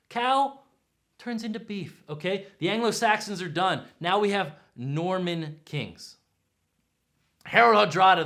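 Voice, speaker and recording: A man hosting a history show, telling the story in an excitable way and keeping in touch with the viewer. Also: sits high. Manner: excitable, keeps checking in with the viewer. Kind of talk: animated storytelling to camera.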